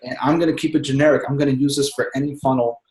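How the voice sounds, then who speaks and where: Excited, rambling man on an echoey call. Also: mid-range voice, rapid-fire, noisy background. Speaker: team member speaking on a group call. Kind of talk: casual chat on a conference call.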